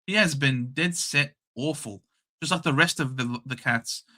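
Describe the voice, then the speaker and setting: A young Australian man hosting a casual live watchalong, calling the play in a chatty, excitable and blunt way. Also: mid-range voice, measured pace. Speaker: host. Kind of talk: casual live match commentary.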